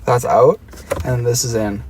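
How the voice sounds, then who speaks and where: A man's voice: mid-range voice, fairly even intonation, a little slow, heavy background noise. Aussie guy livestreaming from his car. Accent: Australian. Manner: playful, chatty, reads and answers chat. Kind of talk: casual live-stream chat.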